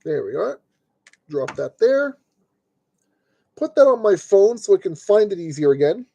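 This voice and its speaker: Guy with a high mellow voice muttering through a model build at his desk, dry close sound. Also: sing-song, unhurried, vocal fry, dry recording. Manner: chatty, talks himself through each step. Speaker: streamer building a model kit. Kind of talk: casual live-stream narration. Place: at a desk indoors.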